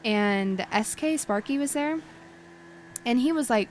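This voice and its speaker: A woman's voice: fairly high pitch, lively intonation, measured pace, slight background noise. A woman chatting in character as a roleplay lawyer, rambling through a story with lots of fillers.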